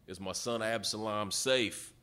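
A man's voice: on the low side, a little slow, pushed and bright, smooth. A man voicing an anxious king pressing for news of his son. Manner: pleading, urgent questions.

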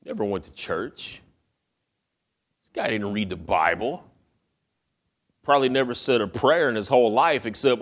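A man's voice: fairly low pitch, expressive, moderate pace, pauses often. A male pastor preaching a sermon in a folksy, conversational way, often repeating words as he builds his point.

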